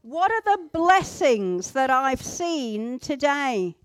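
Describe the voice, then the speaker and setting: A woman teaching a group how to pray, gentle and instructive, with pauses. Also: sits high, big pitch swings. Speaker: church group leader. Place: indoor room with a group at tables.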